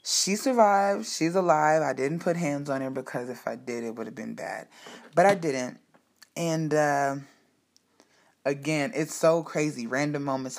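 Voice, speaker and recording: A woman casually telling a personal story to her listeners, candid and profane, animated and emphatic. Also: deep voice, unhurried. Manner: speaks to listeners directly. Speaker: storyteller sharing personal life.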